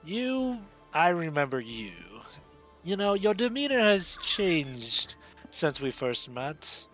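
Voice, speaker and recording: A man voicing a polite, scheming male innkeeper in a tabletop game, speaking in a courteous, fawning way with raised pitch. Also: sing-song, slow pace, a bit bright, faint music behind, heavily acted. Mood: flattering.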